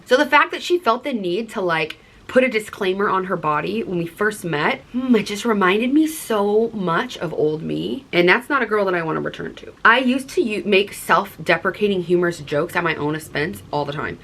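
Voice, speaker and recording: A woman's voice: medium pitch, animated, normal speed, hardly any pauses, fairly bright tone. A young adult woman vlogger talking earnestly and casually to her viewers, filling her talk with "like". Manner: chatty, earnest, heavy use of "like". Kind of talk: casual confessional chat to camera.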